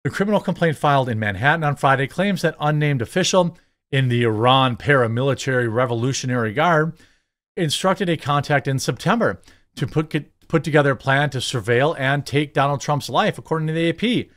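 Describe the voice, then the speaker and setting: A man's voice: medium pitch, animated, a little fast, a bit bright. A man hosting his own channel, giving sarcastic, rambling political commentary. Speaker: host.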